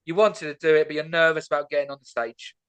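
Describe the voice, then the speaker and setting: High-pitched guy hosting a comedy podcast, upbeat, swears casually. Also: little pitch movement, quick pace, fairly bright tone, clear, resonant tone, dull audio. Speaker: podcast host.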